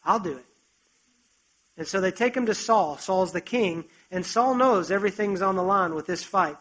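High-voiced man preaching a lively sermon. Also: moderate pace, rough recording. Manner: animated storytelling with conversational asides.

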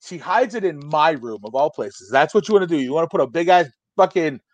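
A man in his forties tells a profane, animated story, jumping into the voices of the people in it. His voice sits high for a man. The sound is dry and close to the mic. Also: brisk, no echo. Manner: profane, animated, acts out quotes. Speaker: storyteller guest. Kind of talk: casual podcast storytelling.

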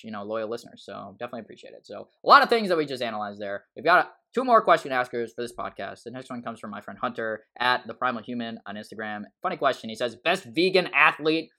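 A man co-hosting a podcast, telling stories in a quick, rambling, animated way. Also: medium pitch. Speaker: podcast co-host. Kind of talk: casual podcast chat.

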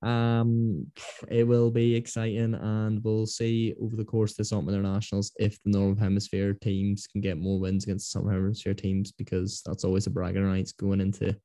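Male podcast host, casual rugby chat, low dark voice, dry close sound. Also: monotone, brisk, no echo. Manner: chatty, rambling storyteller.

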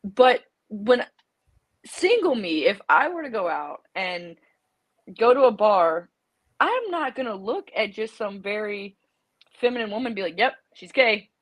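A woman's voice: medium pitch, big pitch swings, measured pace, no room sound, poor audio. A young adult woman, a podcast guest, telling brash, joking stories in casual chat.

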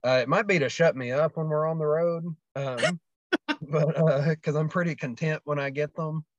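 With a steady, slightly high male voice at normal speed, a guest wrestler rambles through stories on a podcast, using plenty of fillers and restarting often. It's a casual storytelling chat; the lo-fi sound is dull and dry, with background noise.

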